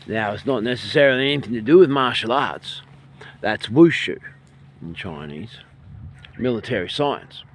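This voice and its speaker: An Australian man leading a qigong and breathing lesson outdoors by a bay, filming on a handheld phone, calm and soft-spoken, his voice sometimes trailing off quietly. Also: mid-range voice, normal speed. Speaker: qigong and meditation instructor. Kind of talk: guided breathing instruction. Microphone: handheld phone, filming himself.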